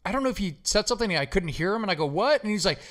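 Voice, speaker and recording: A man's voice: high-pitched, lively intonation, racing, a bit bright. A man hosting a podcast, chatting casually and telling stories with lots of fillers and swearing. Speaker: podcast host. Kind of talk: casual chat.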